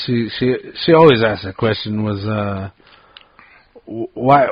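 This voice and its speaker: A man co-hosting a podcast, telling a personal story in relaxed, self-deprecating casual chat. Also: fairly low pitch, a little slow, breathy edge, no echo, highs cut off. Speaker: podcast co-host.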